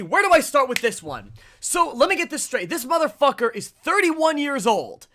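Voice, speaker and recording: A young man hosting a gaming channel, delivering an angry, profane rant to camera with bursts of shouting. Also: very high voice. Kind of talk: angry ranting commentary.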